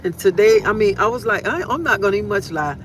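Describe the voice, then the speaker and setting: A woman's voice: medium pitch, quick pace. A woman hosting a casual inspirational live stream, talking earnestly and repeating her phrases, recorded on a phone outdoors. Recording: noisy outdoor traffic background.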